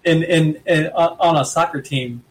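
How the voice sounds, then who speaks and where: A man's voice: a little high, moderate pace, over a noisy crowd. A man co-hosting a comedy podcast, reading out news and stumbling over his words in casual chat. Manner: hesitant, stammering, giggly. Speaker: podcast co-host.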